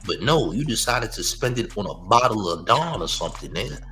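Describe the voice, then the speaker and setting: A man's voice: lowish voice, big pitch swings, a little fast, pushed and bright, rough recording. Taunting, slangy male live-streamer. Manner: taunting, slangy, repeats "champ" and "you heard". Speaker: live-stream news host. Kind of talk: loose mocking live-stream commentary.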